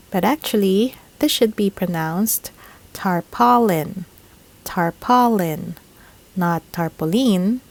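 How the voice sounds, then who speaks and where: A woman's voice: medium pitch, darkish tone, poor audio. A woman, teaching English pronunciation in a scripted lesson, repeating each word carefully. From Philippines. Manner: slow, deliberate, repeats each word several times. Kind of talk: scripted instructional narration.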